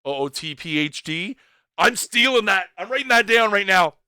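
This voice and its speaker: Bright, high-voiced joking stream host. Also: male voice, expressive, moderate pace, smooth, no echo, studio quality. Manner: joking, playful, teasing. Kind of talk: casual livestream commentary.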